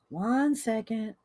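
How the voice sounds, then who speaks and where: Woman host, chatty rambling storyteller, higher voice, laughs often. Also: darkish tone. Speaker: adult coloring video host. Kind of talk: casual storytelling to viewers.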